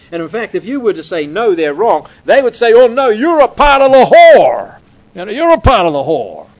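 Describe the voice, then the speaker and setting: Animated man preaching an emphatic sermon. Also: fairly high pitch, muffled recording. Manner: animated, emphatic, conversational, says "man" often. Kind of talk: sermon teaching. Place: church or hall with slides.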